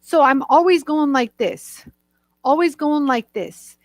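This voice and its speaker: A woman's voice: sits high, expressive, measured pace, dry recording, rough recording. A woman hosting a chatty live demonstration, bubbly and laughing often, greeting viewers by name. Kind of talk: chatty live product demo.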